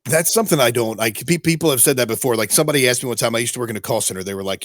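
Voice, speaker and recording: Fast-talking man from Kentucky, dry mic. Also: medium pitch, a bit bright, no echo. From Eastern Kentucky. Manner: quick, stumbling restarts, enthusiastic. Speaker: podcast host. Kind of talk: casual interview chat.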